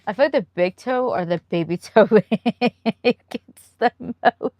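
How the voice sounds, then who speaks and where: A woman's voice: fairly high pitch, slow, darkish tone, no room sound. A woman live streamer chatting casually and answering viewer comments, rambling and laughing often.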